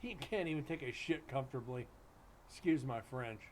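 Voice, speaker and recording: This livestream host's mid-range voice is expressive and normal in speed as he tells stories in casual, blunt, joking chat. Slight background noise reaches his streaming setup mic.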